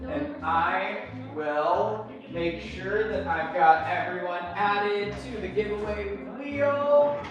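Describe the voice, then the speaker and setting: A host selling crystals on a live stream, talking at an easy, unhurried pace. The patter is gushing and jokey, piling praise on each piece. Soft music plays faintly in the background. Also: mid-range voice. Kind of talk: casual live sales chat.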